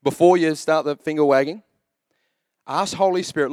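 A man's voice: fairly high pitch, normal speed, pauses often, a little mellow, dry recording, clean studio sound. A man in his thirties preaching a sermon as pastor, telling jokey stories in a chatty way. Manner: chatty, joking storyteller.

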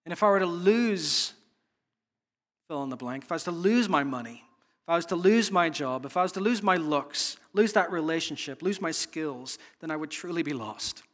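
A man's voice: a little high, expressive, a bit bright. A man preaching a sermon in an earnest, searching way, often restarting his phrases. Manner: earnest, repetitive, halting restarts. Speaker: pastor.

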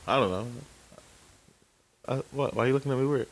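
A man's voice: medium pitch, brisk, pauses often, a little hiss or hum. A man in his early forties, co-hosting a casual chat, telling stories with lots of swearing and acting out the dialogue himself. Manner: animated storyteller, swears freely, acts out dialogue. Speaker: podcast co-host.

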